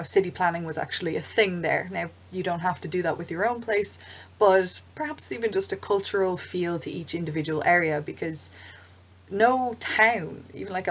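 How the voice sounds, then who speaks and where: A woman's voice: on the low side, breathy edge. A woman giving casual, chatty advice to game masters, rambling into asides with plenty of ums. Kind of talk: casual explanatory vlog. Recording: dull lo-fi home recording.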